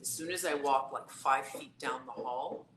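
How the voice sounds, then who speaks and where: A psychic tarot reader tells a personal story during a casual live stream, her voice extremely low in pitch yet fairly bright, moving at a normal speed. She chats in a storytelling way, packed with fillers. The recording has a roomy echo and faint background noise.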